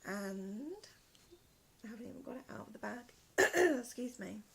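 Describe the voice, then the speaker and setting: Soft, gravelly woman with a hoarse voice. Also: a little high, animated, moderate pace. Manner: soft-spoken, often trailing into a whisper. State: in pain, hoarse from asthma. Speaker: podcast host. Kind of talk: casual chat to camera. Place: one room at home, indoors.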